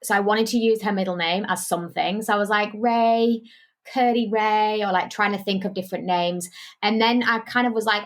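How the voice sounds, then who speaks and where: A British woman guest tells stories on a podcast in relaxed, casual chat. Her delivery is animated and conversational. Her voice sits in a middle pitch. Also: fairly quick. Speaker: podcast guest, business owner.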